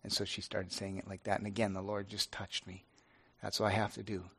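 A middle-aged pastor speaking earnestly and haltingly to his congregation, with many restarts. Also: lowish voice, monotone, gravelly, fairly bright tone, breathy edge. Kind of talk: informal devotional talk to a congregation.

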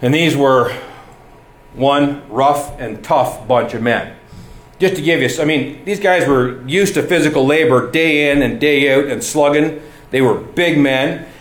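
A man's voice: medium pitch, unhurried. A middle-aged man preaching a sermon, earnest and building to emphatic exhortation. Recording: echoey room.

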